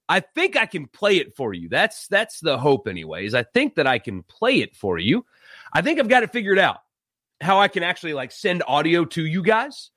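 Man, sports talk host, casual livestream, chatty, fillers, animated, dry close sound. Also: on the high side, no echo. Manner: chatty, laughs at his own jokes, many fillers. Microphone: live-stream mic.

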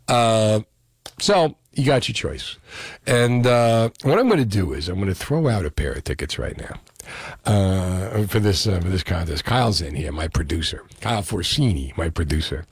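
A man's voice: deep voice, expressive, normal speed, husky, dry recording, studio quality. A middle-aged man with a New Jersey accent, a radio host telling stories in a casual, chatty way with many fillers.

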